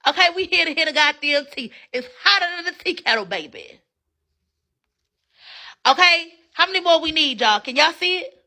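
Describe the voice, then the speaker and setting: Woman livestream host, very high, sharp-toned, brash and cussing, phone mic. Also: lively intonation, moderate pace. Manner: brash, hypes viewers for gifts, frequent cussing. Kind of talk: casual livestream chat.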